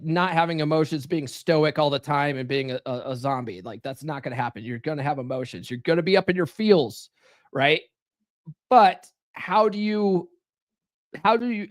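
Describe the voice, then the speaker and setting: A man's voice: fairly high pitch, no room sound, studio quality. A man hosting a live stream in a casual, profane monologue that keeps checking in with "right?". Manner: casual and profane, peppered with "right?" tag questions.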